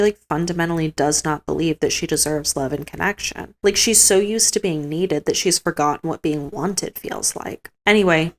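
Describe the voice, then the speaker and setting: A woman who reviews books talks through a plot in a casual recap. Her voice sits a little low but leaps around a lot. She keeps throwing in sarcastic asides. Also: gravelly. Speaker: book reviewer.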